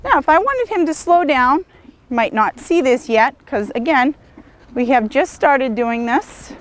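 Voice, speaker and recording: Woman horse trainer, mid-high voice, calm instructional delivery outdoors. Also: measured pace. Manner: calm, encouraging, praises the horse often. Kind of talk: instructional demonstration.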